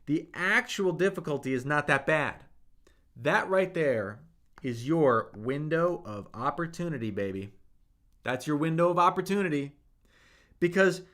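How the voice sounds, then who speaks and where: A young man with a somewhat high voice runs a live Mandarin lesson. He reads out chat comments and coaches viewers with enthusiastic, hyped-up energy, taking his time over each point. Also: fairly bright tone. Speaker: Mandarin teacher. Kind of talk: livestream lesson, reading chat.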